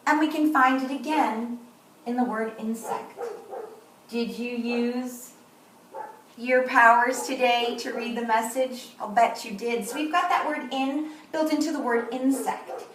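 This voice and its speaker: High-voiced, slow-spoken kindergarten teacher. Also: female voice, fairly even intonation. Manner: sounds out words slowly and repeats them. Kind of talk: slow, clear lesson to young children. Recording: roomy echo, voice from a distance, faint noise.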